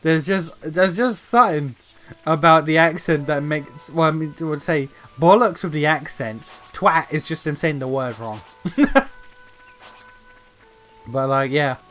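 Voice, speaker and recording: A British man rambles through casual commentary while he plays, in a fairly high voice. He laughs often and swears freely, and faint game music sits behind him. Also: unhurried, fairly bright tone. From Britain. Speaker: streamer.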